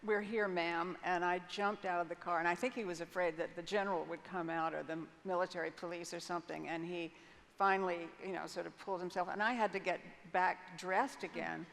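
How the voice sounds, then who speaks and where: On a large conference stage, an older interview guest recounts a personal story in a brisk, lowish, slightly bright voice with a steady tone and vocal fry. She's frank and vivid, restarting hesitantly at times. Faint noise and long hall reverb are present.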